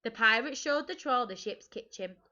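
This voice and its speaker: Lively teacher reading a storybook. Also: female voice, fairly high pitch, normal speed, highs cut off. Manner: lively and expressive, with gasps and questions to the children. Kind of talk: reading a storybook aloud to young children.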